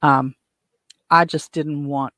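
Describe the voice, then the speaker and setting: Higher-voiced man telling a rambling story. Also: level tone, slow, sharp tone, no echo, clean studio sound. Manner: rambling, self-interrupting, chuckles while telling. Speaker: podcast host. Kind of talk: casual storytelling.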